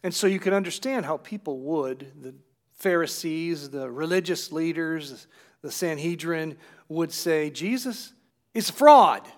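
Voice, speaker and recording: A man's voice: fairly high pitch, a little slow. A man preaching a sermon, retelling scripture with acted quotes and putting questions to his listeners. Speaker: pastor.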